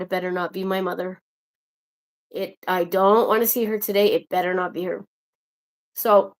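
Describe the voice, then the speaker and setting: Chatty woman ranting on a livestream. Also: medium pitch. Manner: chatty, rambling, exasperated asides to viewers. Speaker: livestream host. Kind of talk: casual livestream chat.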